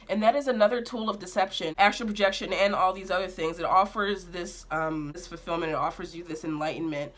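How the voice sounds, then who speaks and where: A woman's voice: medium pitch, a bit bright, slight background noise. A young woman telling a dream in a casual, emphatic spiritual vlog, slangy and full of fillers. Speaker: vlogger.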